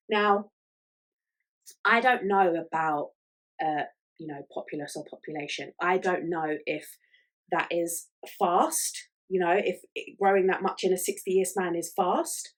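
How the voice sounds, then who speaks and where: Woman, podcast host, casual solo chat, lots of fillers, slightly low voice. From Ireland. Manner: chatty, with many fillers like "um" and "like".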